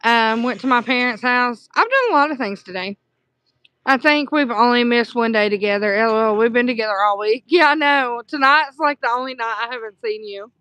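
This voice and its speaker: A Southern woman chats through a casual livestream, answering her viewers with pet names. Her voice sits a bit high and bright, smooth and clear, recorded close and dry. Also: brisk, dry recording. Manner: chatty, affectionate, reads and answers chat aloud. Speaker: livestream host. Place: dark room at home at night.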